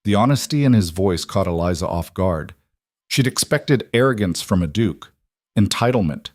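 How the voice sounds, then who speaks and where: Brief: male storyteller, low voice, measured reading, dry close sound. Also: animated, dry recording. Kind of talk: scripted story narration.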